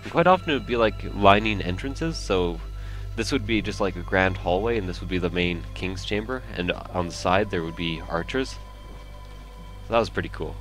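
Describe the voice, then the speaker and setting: A man's voice: deep voice, normal speed, fairly bright tone, faint music behind. A young man giving casual let's play commentary while he builds, thinking aloud and rambling with self-mocking asides.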